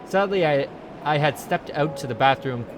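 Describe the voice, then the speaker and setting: A man's voice: on the high side, expressive, moderate pace, noisy background, natural voice. A man voicing a chipper, scatterbrained woman tourist officer who rambles in an overly formal way. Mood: flustered. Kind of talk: reading game dialogue aloud.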